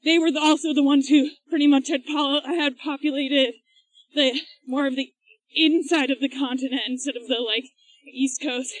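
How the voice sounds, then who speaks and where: Woman podcast co-host, high voice, dry close sound, chatty explainer recorded on a run. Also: fairly even intonation, normal speed, no echo, rough recording. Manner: chatty, explains at length with laughs. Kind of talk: casual chat while running. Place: outdoors, on a run.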